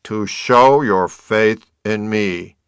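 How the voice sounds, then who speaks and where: A vast voice from the sky booms out slow, weighty commands, as a man plays it. It is loud and unhurried, low and grave. The sound is dry and close. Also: smooth, no room sound. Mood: commanding. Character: booming godlike voice from above.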